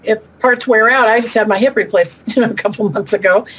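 Chatty down-to-earth woman, a bit high. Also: slightly rough, poor audio. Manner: chatty, down-to-earth, quick asides. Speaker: guest, animal intuitive and shaman. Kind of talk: casual interview talk. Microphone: remote call.

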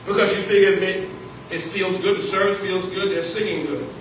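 A man's voice: sits high, steady tone, moderate pace. A man preaching a sermon from the pulpit as pastor, repeating key phrases and calling out to his congregation. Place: church sanctuary. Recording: echoey church hall, distant mic, faint noise.

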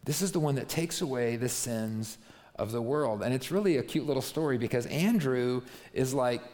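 A man's voice: medium pitch, moderate pace, darkish tone. A pastor giving a chatty, story-driven sermon who keeps checking in with the listeners and acts out the lines of the people in his story. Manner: conversational storytelling, keeps asking "right?", acts out quotes. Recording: long hall reverb.

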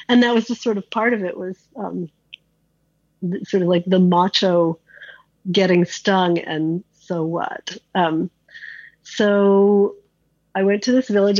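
A woman with a husky, slightly breathy voice tells a personal story in an interview, casual and candid, often restarting and dropping in "like." The recording is dry and a bit dull, as if the highs were rolled off. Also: a little mellow, dry recording. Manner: candid, conversational, frequent "like" and restarts.

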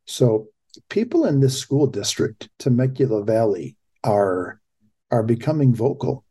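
A man's voice: mid-range voice, big pitch swings, unhurried, warm tone, husky. A middle-aged man hosting a talk show, giving impassioned, emphatic political commentary.

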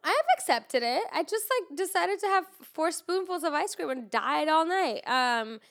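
A woman's voice: extremely high pitch, lively intonation, normal speed, a bit bright. A young woman with a congested, nasal voice, chatting casually with lots of "like" and some swearing. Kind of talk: casual chat.

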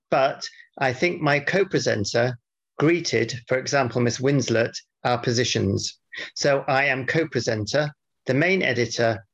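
A man co-hosting a podcast, bantering casually and reading out mock-formal feedback in a dry, deadpan way. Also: medium pitch. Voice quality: gravelly, husky. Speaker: podcast co-host. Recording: dull lo-fi podcast audio.

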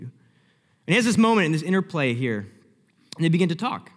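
A young man preaching a sermon, telling the story vividly and acting out the scenes, dropping from loud to hushed. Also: on the high side, big pitch swings, fast talker. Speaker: pastor. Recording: long hall reverb.

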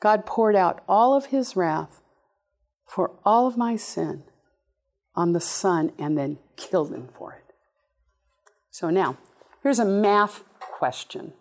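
A woman preaching a sermon in an animated, playful way, with sudden high exclamations. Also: slow. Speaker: speaker giving a talk.

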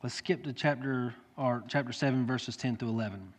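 A man's voice: mid-range voice, normal speed. Earnest preacher man in a reverberant hall. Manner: earnest, rises to loud pleading when quoting. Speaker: pastor. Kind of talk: sermon. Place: church sanctuary. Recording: long church hall reverb.

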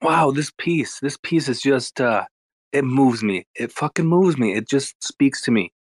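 A man's voice: medium pitch, expressive, measured pace, no echo, clean studio sound. A man putting on a pretentious male fine-art collector, gushing in a mock-posh way.

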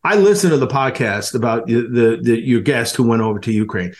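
A man's voice: mid-range voice, a little fast. An effusive man hosts a podcast, chatting casually and laughing often. His voice sits in a middle range, and he stumbles and repeats words as he goes. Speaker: podcast host. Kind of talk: casual interview chat.

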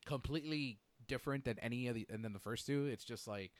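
A man hosting a casual movie chat with friends, enthusiastic and quick to laugh. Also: mid-range voice, no echo. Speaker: podcast host.

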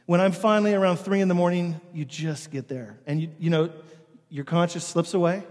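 Man, pastor, sermon, conversational storytelling, slightly high voice, church reverb. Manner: conversational storytelling with animated imitations. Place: church sanctuary. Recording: long hall reverb.

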